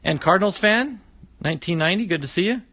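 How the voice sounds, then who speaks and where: A man's voice: sits high, lively intonation, fast, sharp tone, breathy edge, no echo. A middle-aged man hosting a casual livestream, opening fan mail, chatty and exclaiming often.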